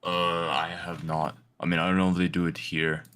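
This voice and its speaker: A young man with a deep voice in casual chat, speaking in a flat, monotone way. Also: moderate pace. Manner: monotone, even delivery. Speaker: sales rep.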